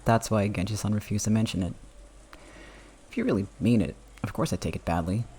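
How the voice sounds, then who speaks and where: A man's voice: lowish voice, fairly quick, slight background noise, lightly acted. A man voicing a brash young man who speaks in a teasing, incredulous way. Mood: skeptical. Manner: loud, incredulous.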